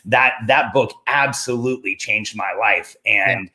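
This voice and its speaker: A man's voice: lowish voice, a little slow. A middle-aged man casually telling a personal story, animatedly quoting himself and others along the way. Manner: animated anecdote teller, quoting himself in rising voice.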